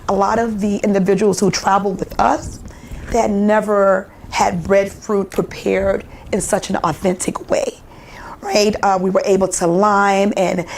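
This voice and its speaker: A woman's voice: mid-range voice, gravelly, a little mellow. A woman from the United States, a foundation founder, telling her story with earnest emotion in a morning TV interview.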